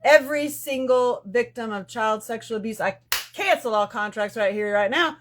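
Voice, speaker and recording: A woman hosts a casual spiritual live stream from her phone. She talks in lively swings, going from loud outbursts to hushed asides, and she curses freely as she goes. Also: a little high, normal speed. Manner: animated, swings between loud bursts and hushed asides, profane.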